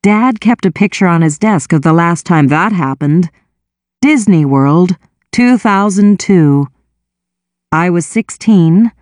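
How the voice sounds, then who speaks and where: A woman reading a first-person novel aloud with wry, expressive storytelling. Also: on the low side, slow, dry recording, clean studio sound. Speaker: audiobook narrator.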